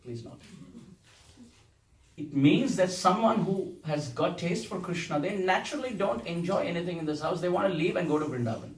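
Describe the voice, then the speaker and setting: Man doing a jokey temple class, high voice, big echoey hall. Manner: playful, laughs often, recites verses. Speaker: preacher giving a Sunday class. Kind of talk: humorous devotional lecture. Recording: echoey hall, distant mic, faint hiss.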